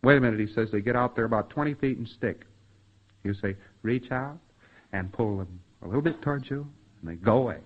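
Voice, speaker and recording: A man's voice: on the low side, fairly quick. A man giving a spoken lecture to trainees in a folksy way, acting out bits of quoted dialogue and sound effects. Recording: dull, muffled lo-fi recording.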